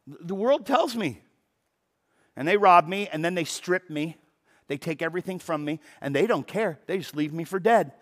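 A male pastor preaching a sermon with animated delivery, dropping to hushed tones and rising to loud emphatic bursts, often repeating words for emphasis. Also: a little high, normal speed. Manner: repeats words for emphasis, breaks into quoted dialogue.

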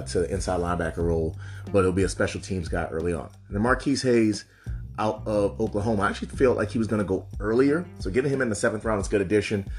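A man giving loose, conversational solo commentary on football draft picks, with frequent asides. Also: fairly low pitch. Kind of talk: casual solo sports commentary.

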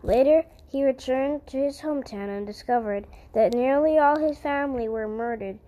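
A woman's voice: high-pitched, normal speed, warm tone, low-quality recording. A woman reading a historical Christian story aloud in an earnest way, often stumbling over words and correcting herself.

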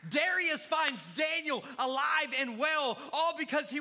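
A man's voice: extremely high pitch, expressive, a little slow, few pauses, pushed and bright. A male pastor preaching a fervent sermon to his congregation, calling out to the crowd. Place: church sanctuary. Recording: long church reverb.

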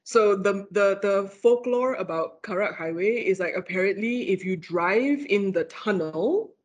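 A woman with a Malaysian English accent, a lecturer telling a ghost story in casual chat, animated and full of fillers and laughs. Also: medium pitch, a little slow. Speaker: lecturer, guest.

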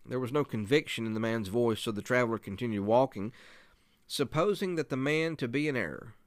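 A man's voice: mid-range voice, fairly quick, dry recording. Earnest male preacher, dry close sound. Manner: earnest, emphatic. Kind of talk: preaching instruction.

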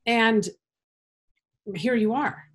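Earnest woman host reflecting softly. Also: a little high, extremely slow. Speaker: podcast host. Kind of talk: reflective interview response.

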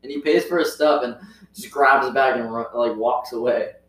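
Man telling a lively story in an echoey room. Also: mid-range voice, moderate pace. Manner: animated retelling, acting out quoted voices. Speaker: retail store worker. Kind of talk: casual storytelling chat. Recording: echoey room, voice from far off the mic.

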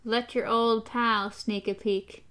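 Woman doing a soft, menacing gang leader. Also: a little high, animated, measured pace. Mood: coaxing. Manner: soft, thick, quietly menacing.

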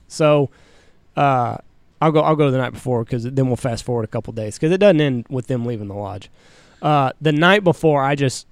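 A man co-hosts casually, rambling through a story full of fillers and swearing. His voice is smooth and resonant. It sits in the middle of the range, and the recording is dry and close. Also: mid-range voice, dry recording. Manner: profane, rambling anecdote with frequent fillers. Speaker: co-host.

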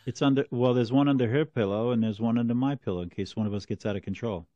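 A man's voice: medium pitch, steady tone, fast, dark tone, no echo, dull audio. A man co-hosting a podcast in casual chat, joking and stammering as he starts his sentences. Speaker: podcast co-host.

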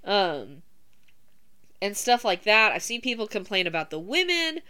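A woman's voice: mid-range voice, very animated, measured pace, pushed and bright, smooth. A woman co-hosting a podcast, chatting casually and animatedly over a remote call, swearing and laughing often. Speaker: podcast co-host. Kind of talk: casual wrestling podcast chat.

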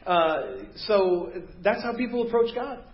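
A man preaching a sermon as pastor, animated and acting out the voices of the people in his story. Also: sits high, unhurried. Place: church sanctuary. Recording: roomy, dull church recording.

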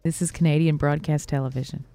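Deadpan, dry-humored female co-host. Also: sits low, quick pace, soft background music. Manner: deadpan, irreverent jokes. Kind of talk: casual comedic banter.

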